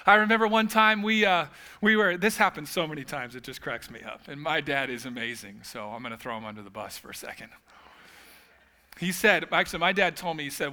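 A man's voice: fairly high pitch, brisk, pushed and bright. A man preaching a sermon as pastor, telling humorous stories with casual asides.

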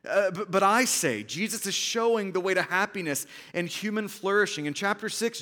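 A man's voice: high-pitched, a bit bright. A man preaching a sermon in an earnest way, often repeating phrases for emphasis. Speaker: pastor.

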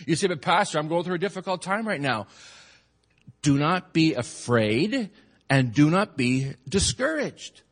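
Male pastor, slightly high voice, dynamic preaching, long church-hall reverb. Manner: preaching, swings from shouted peaks to soft asides. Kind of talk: sermon.

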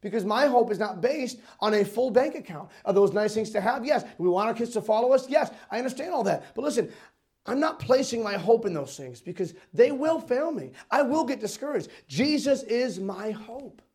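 High-voiced male pastor, earnest preacher who shifts between loud and quiet. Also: expressive, normal speed. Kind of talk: sermon.

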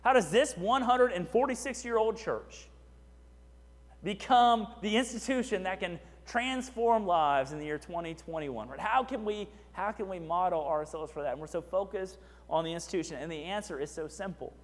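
Pastor, male, high voice, chatty sermon with asides, church hall reverb. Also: normal speed. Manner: conversational, asides and repeated "right?".

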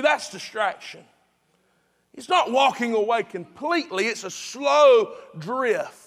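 A pastor with a high, fairly bright voice preaches a sermon to his congregation. He speaks in a chatty, repetitive way, with emphatic restarts.

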